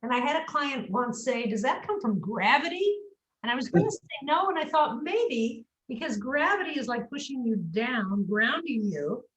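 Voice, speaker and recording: A woman's voice: high voice, normal speed. A woman speech coach talking on a video call, explaining pronunciation and sounding words out as examples. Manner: animated, demonstrates pronunciation aloud. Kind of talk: coaching interview. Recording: echoey room.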